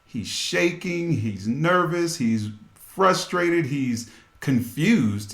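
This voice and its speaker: A man's voice: a little high, animated, drawn-out words, creaky, fairly bright tone. A man hosting a podcast, telling a story and making earnest, preachy appeals to his listeners. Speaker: podcast host and musician. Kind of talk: storytelling radio talk with scripture.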